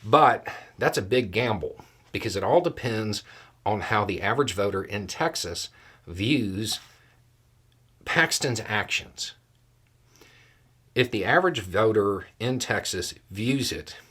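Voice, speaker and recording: Measured low-voiced male political commentator. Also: fairly bright tone. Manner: measured, deliberate, laying out scenarios step by step.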